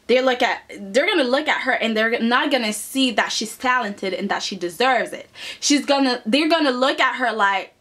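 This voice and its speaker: A woman reviewing soap opera episodes in casual, animated chat, often tossing in "okay?" and mocking the characters. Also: a little high, moderate pace. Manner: animated, chatty, keeps adding "okay?"; acts out characters in mocking asides.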